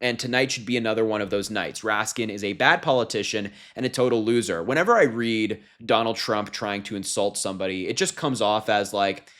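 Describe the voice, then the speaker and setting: Young male commentator, lowish voice, sarcastic and incredulous delivery. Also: a little fast, few pauses, fairly bright tone. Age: young adult. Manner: sarcastic, incredulous, laughs at remarks. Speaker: political commentator. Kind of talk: casual political commentary.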